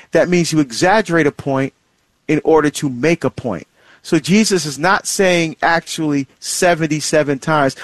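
Man, host, casual Bible teaching, fairly high voice, dry sound. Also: dry recording. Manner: conversational, many fillers and restarts. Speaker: radio show host.

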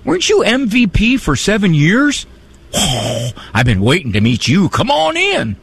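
Brief: man putting on a folksy Southern God, drawling welcome, gravelly and lively in pitch. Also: measured pace, exaggerated voice. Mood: jovial. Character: folksy welcoming God, male, elderly-sounding.

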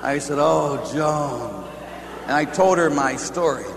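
A man, a Catholic priest, telling a personal story as a sermon, swinging between hushed, quiet passages and loud, laughing bursts. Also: on the high side, fairly quick. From Pittsburgh. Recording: roomy hall echo with faint hum.

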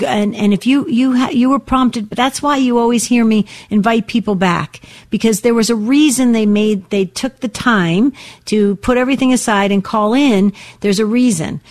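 A woman's voice: a little high, dry recording, studio quality. Earnest woman in her sixties hosting radio. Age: 60s. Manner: earnest, rambling storyteller. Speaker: call-in radio show host. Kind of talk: call-in radio talk.

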